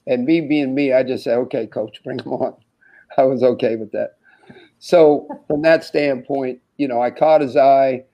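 In a lo-fi recording, a former college basketball player in his sixties recounts anecdotes during an interview. His medium-pitched voice is unhurried, and he brings quoted lines to life with frequent laughter.

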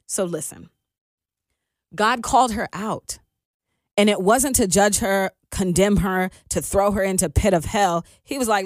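A woman giving casual spoken commentary on faith, pausing to find her words and reading Bible passages aloud. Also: medium pitch, animated, no echo, studio quality. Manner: conversational, searching for words, reads scripture aloud. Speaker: Christian commentator.

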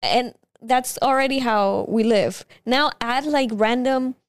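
A woman co-hosting a podcast in a high voice, with close, dry sound. She is blunt and quick to turn things down. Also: clean tone, no echo. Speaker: podcast co-host. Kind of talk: casual chat.

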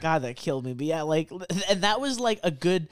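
A man's voice: fairly high pitch, very animated, a little fast, clean tone, no room sound, clean studio sound. A young man co-hosting a podcast, telling his side of the story with a laugh in his voice. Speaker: podcast co-host. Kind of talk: casual chat.

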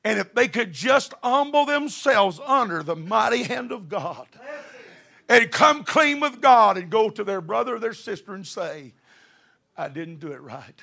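Middle-aged male preacher, high-pitched and gravelly, fervent. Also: expressive, unhurried. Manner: fervent, building to shouted passages. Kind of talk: sermon.

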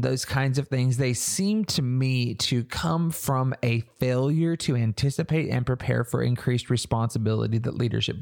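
Gravelly earnest male podcast pastor. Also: mid-range voice. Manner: earnest, conversational, asks searching questions. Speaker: church leader podcast host. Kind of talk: reflective podcast teaching.

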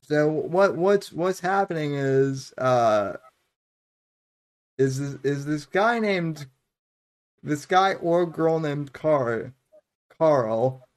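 Slow, stammering man, higher voice. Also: lively intonation. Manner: halting, stammering, giggly. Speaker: podcast host. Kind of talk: casual banter on a livestream.

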